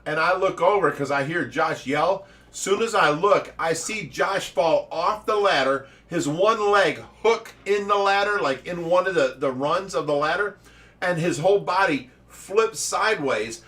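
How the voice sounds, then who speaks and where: Brief: Ohio man, casual host, lively storyteller, slightly higher voice, heard a little off-mic. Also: normal speed, distant mic. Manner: animated storyteller, laughs often. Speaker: fish rescue owner, livestream host. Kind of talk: casual livestream chat.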